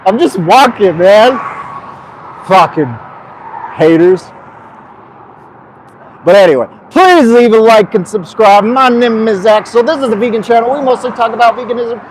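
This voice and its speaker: A man's voice: high voice, moderate pace, pauses often, rough recording. A young man live-streaming as he walks outdoors along a busy road, talking to his chat in a hyper, swearing, joking way. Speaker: vlogger streaming a long walk. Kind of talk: casual live-stream chat while walking. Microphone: streaming mic carried while walking. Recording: faint street traffic noise. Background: traffic noise.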